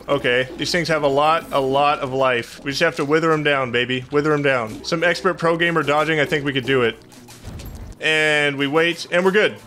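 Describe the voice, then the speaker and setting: A young man giving excitable, profane gameplay commentary as a gaming channel host, with panicky outbursts. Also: on the high side, slight background noise.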